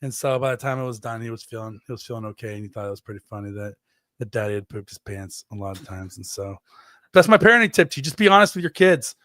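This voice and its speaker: A man in his thirties co-hosting a podcast, telling stories in an animated way, acting out quotes and swearing freely. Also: medium pitch, fast, no echo, clean studio sound. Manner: animated storytelling, acts out quotes in exaggerated voices, swears freely. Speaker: podcast co-host. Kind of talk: casual chat.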